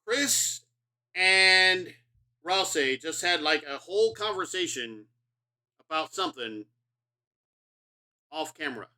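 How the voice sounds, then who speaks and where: A man's voice: on the high side, expressive, takes it slowly, pauses often, sharp tone. A middle-aged man streaming a video game, rambling and profane in casual commentary, self-mocking as he talks.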